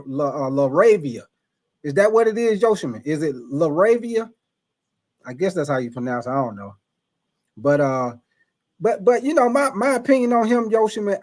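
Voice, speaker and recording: A man with a voice on the high side hosts a casual live stream, reading chat and greeting viewers by name. He restarts often and stumbles over names.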